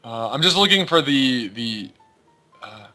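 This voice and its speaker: A man's voice: mid-range voice, lively intonation, measured pace, bright, forceful tone, soft background music. A man co-hosting a casual podcast, joking, swearing and laughing often. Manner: joking, profane, laughs a lot. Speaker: podcast co-host.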